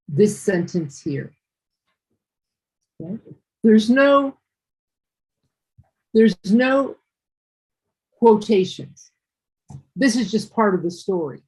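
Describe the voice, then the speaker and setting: Husky-voiced woman teaching English. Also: on the low side, a little mellow, poor audio. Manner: patient, explains step by step with examples. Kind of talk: one-on-one online class explanation.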